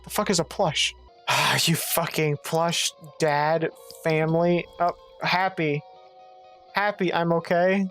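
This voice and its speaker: A woman's voice: fairly low pitch, fairly even intonation, slow, soft background music. Foul-mouthed woman streamer thinking aloud. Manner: swears freely, thinks out loud, reads game text. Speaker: gaming streamer. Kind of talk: let's play commentary.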